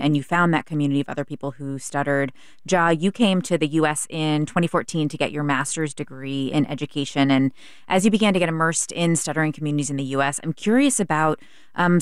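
A woman hosting a public radio interview show from a studio, speaking in a calm, measured way. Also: deep voice, clean tone, no room sound.

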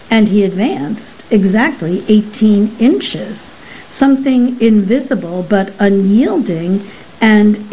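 A woman narrating an audiobook in a measured, even storytelling manner. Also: medium pitch, lo-fi sound, slight background noise.

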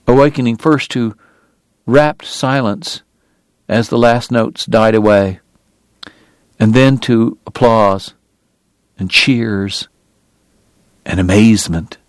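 A man narrating an audiobook in a measured, lyrical storytelling manner. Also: fairly low pitch, no room sound, studio quality. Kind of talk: scripted narration.

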